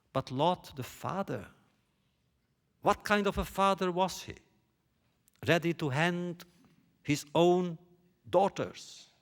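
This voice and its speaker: A man giving a lecture on a biblical text, posing rhetorical questions in a deliberate way. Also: on the high side, creaky. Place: lecture hall stage.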